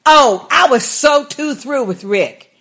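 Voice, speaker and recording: Female co-host, high lively voice, fiery and profane, laughing through her rants. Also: slow pace, soft background music. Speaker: podcast co-host. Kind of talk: casual TV recap chat.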